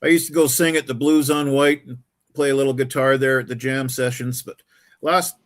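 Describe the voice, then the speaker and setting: A man's voice: mid-range voice, level tone, moderate pace. Middle-aged man telling concert stories. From Canada. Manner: storytelling, repeats words, ends lines with "man". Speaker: co-host. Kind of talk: casual chat.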